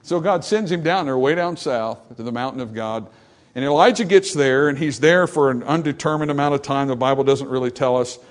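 A man preaching a sermon, animated and acting out the voices in the scripture passage, then dropping to softer, reflective tones. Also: medium pitch, a little fast. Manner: animated, acts out dialogue from scripture. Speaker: pastor.

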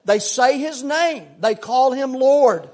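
An older male pastor preaching a sermon in a repetitive, impassioned cadence that drops into hushed, folksy storytelling. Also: extremely high pitch, slow.

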